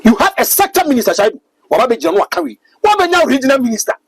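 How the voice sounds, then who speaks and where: A man's voice: very high voice, big pitch swings, racing, vocal fry, breathy edge, low-quality recording. A Ghanaian man giving emphatic, preachy political commentary as a talk-show guest, switching between English and Twi.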